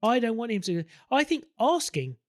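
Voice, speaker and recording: A man's voice: extremely high pitch, very animated, moderate pace, dry recording, studio quality. A man co-hosting a podcast, chatting casually and opinionatedly about films, swearing freely. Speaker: podcast co-host. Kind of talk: casual film discussion.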